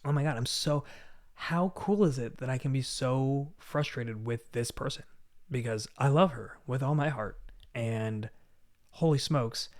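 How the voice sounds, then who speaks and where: A young adult man hosting a casual motivational talk, animated and excitable, often breaking into laughter. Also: mid-range voice, unhurried. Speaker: host.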